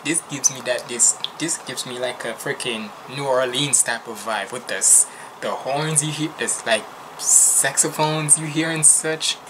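A man's voice: medium pitch, a little slow, background noise. Rambling, slangy man hosting reactions. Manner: rambling, loose and slangy, with restarts. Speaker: reaction channel host. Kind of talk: casual reaction commentary.

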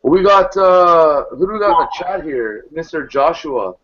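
A man's voice: a little high, moderate pace, fairly bright tone. A man hosting a casual live video hangout, joking and laughing often as he rambles. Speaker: host of a motovlogger live hangout. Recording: dull lo-fi sound with faint noise.

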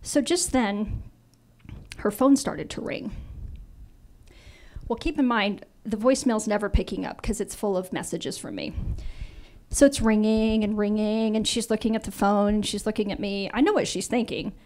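A woman in her fifties giving a storytelling talk to an audience, animated and acting out dialogue as she goes. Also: mid-range voice, moderate pace. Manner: animated, acts out quoted dialogue. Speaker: invited speaker.

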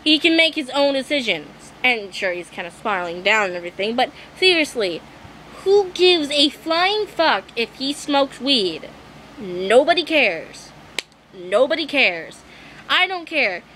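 A woman's voice: sits high, big pitch swings, a little slow, sharp tone, a little hiss or hum, rough recording. A young woman vlogging a rant, exasperated and swearing, apologizing often and losing her voice. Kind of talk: ranting vlog monologue.

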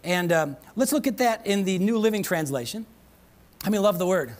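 A woman pastor delivers a sermon to her church with a lively voice that swoops up and down. She presses her points by repeating them and keeps asking the congregation whether they are hearing her. Now and then she lightens things with a chuckle and a playful aside. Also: medium pitch, a little fast. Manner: emphatic, repeats phrases, calls out to the congregation. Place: church service.

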